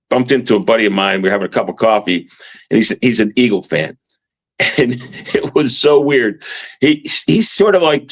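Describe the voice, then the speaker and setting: Rambling New Jersey sports radio man. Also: medium pitch. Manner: rambling, restarts often, chuckles. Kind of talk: casual sports talk.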